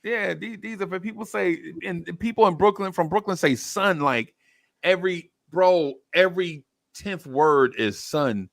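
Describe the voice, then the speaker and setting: A man's voice: sits high, measured pace, creaky, no echo. Slangy, laughing man with a raised voice. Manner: slangy, laughing, animated storytelling. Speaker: show host reading viewer comments. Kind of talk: casual live-stream chat.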